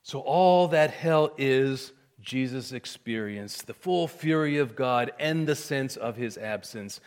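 A man preaching a sermon, swinging from hushed, intimate lines to loud, emphatic cries. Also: mid-range voice, animated, takes it slowly, hardly any pauses. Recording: long hall reverb.

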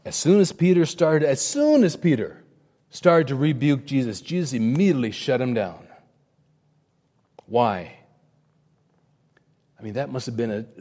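A man's voice: medium pitch, a little mellow, big-room sound. A man preaching a sermon in a conversational way, acting out quotes and often restarting his words. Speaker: pastor.

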